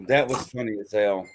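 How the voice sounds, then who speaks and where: A man's voice: fairly low pitch, a little hiss or hum. A man hosting a live chat show, laughing a lot and talking. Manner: laughs a lot, spelling out names while typing. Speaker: show host. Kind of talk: casual live-stream chat.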